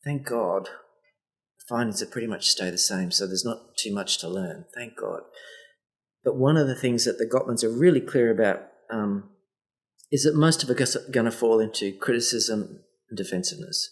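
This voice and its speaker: Animated man acting out dialogue. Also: mid-range voice, moderate pace. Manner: animated, acts out quoted dialogue. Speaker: therapist guest. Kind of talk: casual podcast chat.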